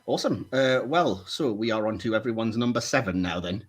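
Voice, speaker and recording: A man's voice: fairly low pitch, lively intonation, a little fast. Man, podcast host, casual chat, teasing, frequent laughter.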